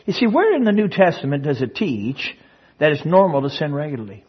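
Husky emphatic male preacher. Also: a little high, very animated, brisk. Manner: emphatic, swings from hushed to loud proclamation. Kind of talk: sermon. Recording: dull lo-fi sermon recording.

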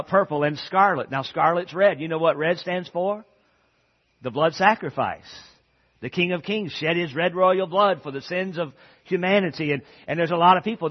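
A man preaching a sermon, his voice sitting a little high for a man. He keeps asking the congregation questions and then answers them himself. The recording is dull and lo-fi. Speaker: pastor. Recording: dull lo-fi audio.

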